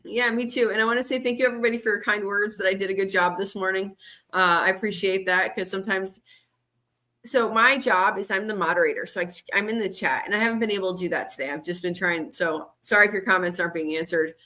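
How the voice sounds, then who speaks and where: A woman's voice: mid-range voice, fairly even intonation, quick pace, sharp tone. A woman moderating and co-hosting a casual livestream, chatty and laughing often.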